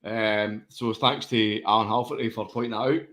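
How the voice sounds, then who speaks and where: A man's voice: lowish voice, steady tone, normal speed, a bit bright. A tipsy Scottish man co-hosting a casual fan podcast, boisterous and sweary, laughing a lot. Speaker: podcast co-host.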